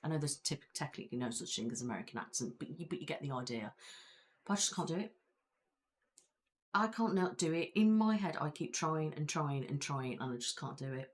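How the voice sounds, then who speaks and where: Low-voiced Belfast woman chatting on stream. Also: lively intonation, fairly quick. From Belfast, Northern Ireland. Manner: chatty, rambling, frequent ums and likes. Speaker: ASMR creator hosting a live stream. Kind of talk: casual live-stream chat.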